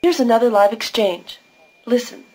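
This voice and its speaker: A woman with a fairly high voice narrates a recorded language lesson. She talks slowly and clearly, explaining pronunciation one step at a time. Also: a little mellow, rough recording. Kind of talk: scripted instructional narration.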